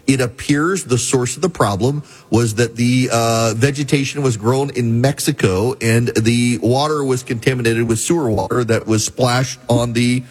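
Middle-aged male host, husky voice, wry emphatic monologue. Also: mid-range voice. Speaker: talk radio host. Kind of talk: talk show monologue.

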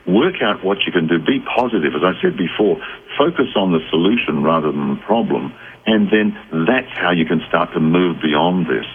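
A man who is a psychic guest on a radio call-in show, explaining in a measured, reflective way with restarts. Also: deep voice, animated. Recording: tinny phone line with faint noise.

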